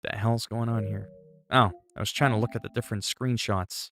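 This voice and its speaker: A man's voice: lowish voice, fairly even intonation, moderate pace, fairly bright tone. A man chatting casually on a livestream, reacting to chat messages and exclaiming as he talks.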